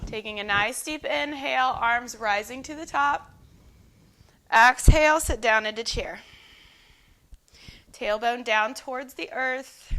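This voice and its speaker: A woman yoga instructor calmly cueing breaths and poses in a guided flow at home. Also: fairly high pitch, slow pace, pauses often. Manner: calm, encouraging breath cueing. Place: home, dogs nearby.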